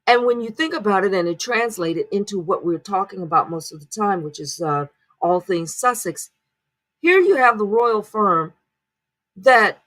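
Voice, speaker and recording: A woman's voice: mid-range voice, expressive, normal speed, fairly bright tone. A woman hosting a commentary channel, talking casually to her viewers and often asking rhetorical questions. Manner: rhetorical, keeps checking in with "right?". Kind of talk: casual spoken commentary to camera.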